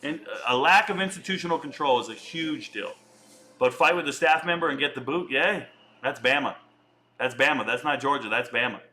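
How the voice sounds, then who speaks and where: A man's voice: medium pitch, brisk, bright, forceful tone, slight background noise. A man in his forties chatting casually on a home live stream, riffing and answering viewer comments. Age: 40s.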